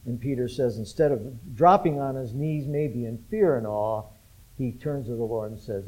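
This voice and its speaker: A man's voice: mid-range voice, animated, normal speed, dark tone, low-quality recording. A man preaching an interactive sermon, talking casually, asking the congregation questions and chuckling often. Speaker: pastor.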